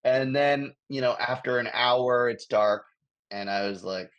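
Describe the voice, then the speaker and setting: A man's voice: mid-range voice, a little slow, fairly bright tone, muffled recording. An American man from Los Angeles, a touring comedian, telling a rambling story on a video call, chuckling often. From Los Angeles, USA. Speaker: guest, touring improv comedian. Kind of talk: casual storytelling.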